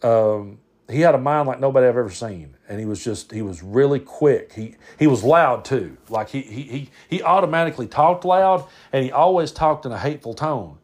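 A man's voice: medium pitch, lively intonation, normal speed, few pauses, darkish tone. Man telling stories with restarts. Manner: rambling, repeats words, frequent restarts. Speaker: podcast host. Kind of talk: casual storytelling monologue.

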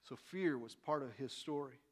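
A man preaching a sermon to a congregation in a church hall, reading scripture with dramatic loud peaks and asking the room questions. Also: mid-range voice, moderate pace. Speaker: pastor.

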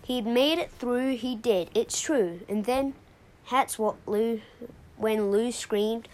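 A woman reads a children's rhyming story aloud as a podcast host. Her delivery is unhurried and sing-song, with a fairly high voice. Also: steady tone, a little mellow, rough recording.

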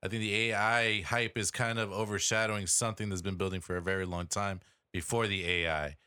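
A man's voice: on the low side, fairly even intonation, fairly quick, bright, forceful tone, smooth. A man in a casual podcast discussion, talking in loose, rambling runs with restarts and the odd swear. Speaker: podcast co-host or guest.

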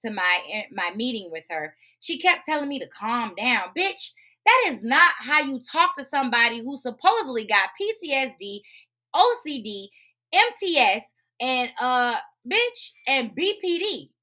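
A woman with speech patterns rants bluntly through a personal story, her voice bright and forceful. She swears freely and swings from low grumbles to loud outbursts. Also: sing-song, moderate pace. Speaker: podcast host. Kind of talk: unfiltered storytime rant.

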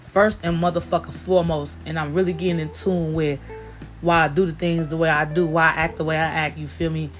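A woman's voice: low-pitched, flat delivery, brisk. A woman hosts her own podcast, speaking bluntly and with a lot of swearing. She keeps checking in with her listeners and laughs often, and faint music plays behind her. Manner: blunt and profane, with frequent filler questions and laughs. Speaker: podcast host. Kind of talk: candid solo podcast talk.

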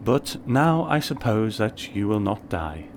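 Guy reading as a gloomy gentle little monk, childlike, lowish voice, noisy recording. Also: very animated, unhurried. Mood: mournful. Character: small gnome-like male monk, mournful and innocent.

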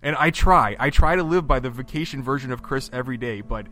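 A man co-hosting a podcast, telling a vacation story in a lively, chatty way with lots of fillers and acted-out quotes. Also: mid-range voice, fast. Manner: animated storyteller, acts out quotes, many fillers and restarts. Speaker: podcast co-host.

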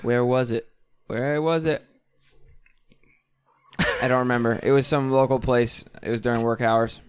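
A man's voice: mid-range voice, fairly even intonation, a little slow, clear, resonant tone. A young man co-hosting a podcast, chatting in a laid-back way and swearing casually. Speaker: podcast co-host. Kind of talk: casual crude chat.

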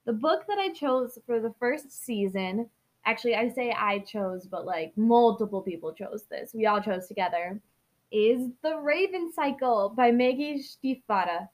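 A woman's voice: on the high side, expressive, a little slow. A woman hosting a book podcast, chatting in a bubbly, rambling way, laughing at herself before she reads a novel aloud. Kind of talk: chatty intro, then reading aloud.

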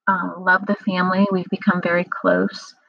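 Middle-aged woman, low husky voice, earnest and explanatory, dry dull recording. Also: level tone, moderate pace, no echo. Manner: earnest, explanatory, many filler ums. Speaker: survivor sharing personal experience. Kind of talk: personal reflective monologue.

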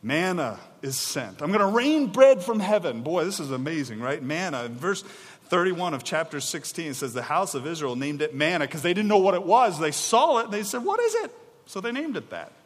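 A man preaching a sermon, reading scripture and acting out the people's complaints with animated, mock-exasperated energy. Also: a little high, brisk, in a large hall. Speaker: pastor.

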